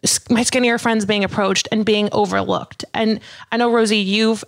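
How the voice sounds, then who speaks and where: A woman's voice: medium pitch, steady tone, moderate pace, gravelly. A woman hosting a podcast, talking in a chatty, open way with a lot of "like". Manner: chatty and open, heavy use of "like". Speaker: podcast host. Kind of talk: casual podcast chat.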